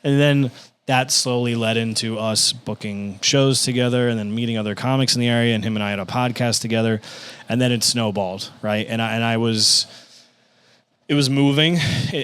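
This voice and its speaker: Animated man telling a comedy story. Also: medium pitch, clear, resonant tone. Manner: animated, acts out quotes with profanity. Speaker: podcast guest, stand-up comedian. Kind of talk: casual storytelling.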